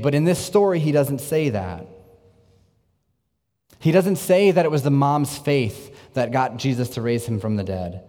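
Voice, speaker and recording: A man preaching a sermon in an earnest way, moving between lively bursts and hushed, intense passages. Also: medium pitch, normal speed. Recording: long reverb, echoey hall.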